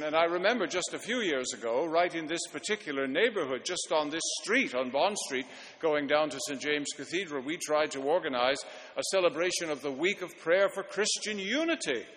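A man's voice: fairly high pitch, lively intonation, moderate pace, fairly bright tone. Man preaching in a reverberant church. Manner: wry anecdotal storytelling. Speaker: pastor. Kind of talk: sermon. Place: large church sanctuary.

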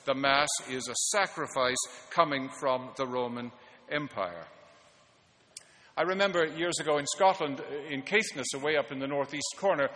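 A man's voice: medium pitch, normal speed, bright, forceful tone. A male pastor delivering a sermon, telling wry anecdotes in a storytelling manner. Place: large church sanctuary. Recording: long church reverb.

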